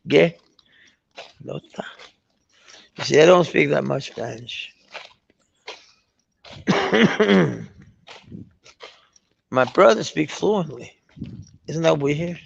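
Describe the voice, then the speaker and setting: A man's voice: on the high side, expressive, drawn-out words, creaky, pauses often, slight background noise. A man with a Danish accent chatting casually on a live stream, rambling and swearing often with many restarts. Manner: meandering, profane, many restarts. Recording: dull lo-fi stream audio.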